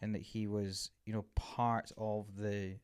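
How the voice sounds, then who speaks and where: A man from Scotland with a Scottish accent, chatting casually as a podcast co-host and telling animated stories. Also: lowish voice, slow, clean tone. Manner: animated storyteller, swears casually. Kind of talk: casual chat.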